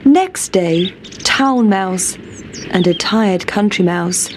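A woman narrating a children's storybook in a calm, measured reading. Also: mid-range voice, background noise.

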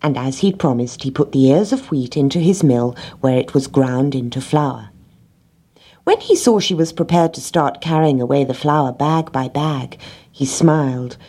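A woman narrating a children's storybook in a gentle, expressive reading. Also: rumbling low, moderate pace, slightly rough.

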